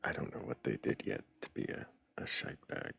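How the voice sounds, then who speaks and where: A man hosting a livestream, talking casually with a dry, teasing manner and calm explanations. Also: normal speed. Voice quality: very deep, gravelly and husky. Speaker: livestream host.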